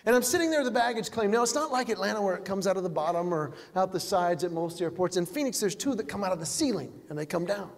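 Male stand-up comic, high voice, animated storytelling, long hall reverb, faint noise. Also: quick pace, vocal fry, few pauses. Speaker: stand-up comedian.

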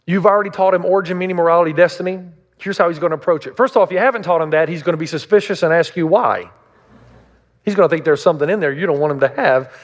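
A man's voice: high voice, fairly quick. A man preaching a sermon as a pastor, emphatic and full of rhetorical questions. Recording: long reverb of a large hall.

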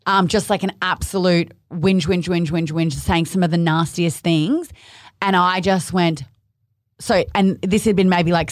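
A woman in her twenties with an Australian accent, co-hosting a podcast, blunt and animated as she tells stories. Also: fairly low pitch, no echo, studio quality. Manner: blunt, animated storytelling, swears freely. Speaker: podcast co-host. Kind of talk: casual chat.

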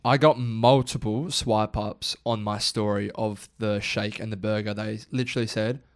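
A young Australian man co-hosting a casual podcast, animated and swearing freely. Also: fairly low pitch, moderate pace. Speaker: podcast co-host. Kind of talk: casual chat.

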